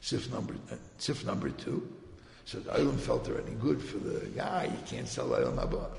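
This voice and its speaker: A man with a heavily gravelly, fry-laden voice tells a religious story, his pitch swinging up and down as he acts out the people in it. He sounds conversational and lively. The recording is roomy, with long hall reverb and faint background noise. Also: normal speed. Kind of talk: telling a religious tale to a gathering.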